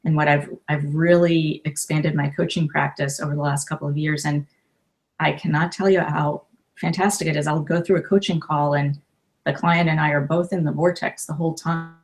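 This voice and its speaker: A woman in her fifties, a life coach and author, talking warmly and emotionally in a casual interview, with many restarts. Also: deep voice, fairly even intonation, normal speed.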